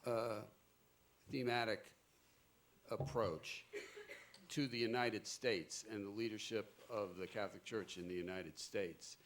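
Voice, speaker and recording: A man's voice: on the low side, fairly even intonation, a little slow, pauses often, fairly bright tone, slight background noise. A man in the audience asking the speaker a question, hesitant and restarting his sentences.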